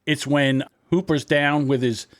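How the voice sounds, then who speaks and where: A man's voice: a little high, unhurried, no echo, clean studio sound. A man, telling profane stories in casual podcast banter. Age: 60s. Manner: animated, profane storyteller. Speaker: podcast guest.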